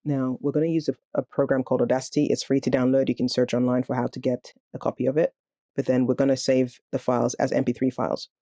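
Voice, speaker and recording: A man teaching a coding tutorial, calmly explaining each step of a screen recording. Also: medium pitch, fast, no echo, studio quality. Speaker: programming tutor.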